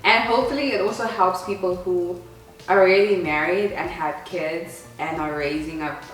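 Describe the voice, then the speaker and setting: A woman hosting a casual interview chat, animated and giggly, with lots of fillers. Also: lowish voice, moderate pace, recorded from a distance. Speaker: host. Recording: echoey room, voice from off-mic, faint music.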